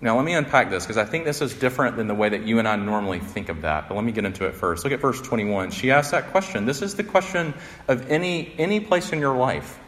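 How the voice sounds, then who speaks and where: A man's voice: medium pitch, expressive, quick pace, a bit bright, in a large hall. A man preaching a conversational, earnest sermon as a pastor. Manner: earnest, conversational, voice rising when acting out quotes.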